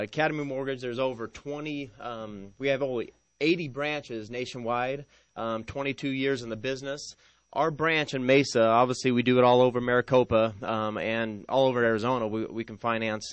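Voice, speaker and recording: Brief: male radio guest, smooth resonant voice, friendly, halting with fillers, dry studio. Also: medium pitch, steady tone, no echo. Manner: friendly, hesitant with many ums. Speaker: guest mortgage lender. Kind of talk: radio interview.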